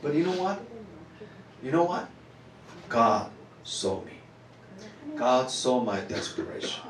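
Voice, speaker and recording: A man with a Korean accent, a pastor preaching a sermon in an earnest, repetitive way that builds to loud exclamations. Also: mid-range voice, very animated, slow pace. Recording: roomy church hall, distant mic.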